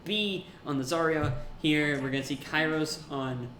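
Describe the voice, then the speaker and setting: Excitable young male esports caster, bright voice. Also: a little high, unhurried, reverberant. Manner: excitable, jokey, rising to shouts in big plays. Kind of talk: play-by-play commentary.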